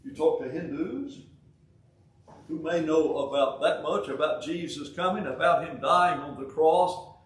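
A man in his eighties with a Southern US accent, from Alabama, preaching a sermon in a folksy way with joking asides and halting restarts. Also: on the high side. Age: 80s. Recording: roomy sound, from a distance.

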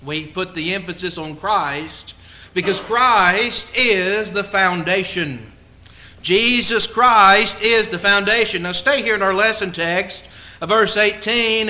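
Guy preaching sunday sermon, pretty high voice, leans hard on key words, kinda muffled lo-fi recording. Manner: emphatic, stresses key words; tells a joke before the lesson.

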